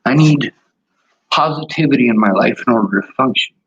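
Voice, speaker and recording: A man's voice: mid-range voice, brisk, fairly bright tone. A man giving an angry, profane monologue while touring his cluttered small apartment, filming on a handheld phone. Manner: blunt, profane, aggrieved. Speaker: vlogger. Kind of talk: angry monologue and home tour. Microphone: handheld phone camera. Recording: dull lo-fi phone recording.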